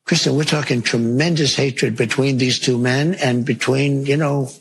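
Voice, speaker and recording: A man's voice: mid-range voice, steady tone, moderate pace, slight background noise. A man answering reporters' questions in a news clip, talking in emphatic, repetitive superlatives. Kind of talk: played news clip, press remarks.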